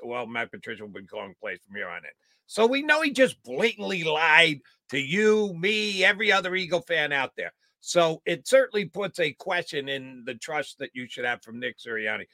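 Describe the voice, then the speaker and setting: A man's voice: a little high, pushed and bright, no echo, clean studio sound. A man co-hosting a sports talk show, arguing his point with indignation. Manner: indignant, argumentative. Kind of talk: heated sports talk commentary.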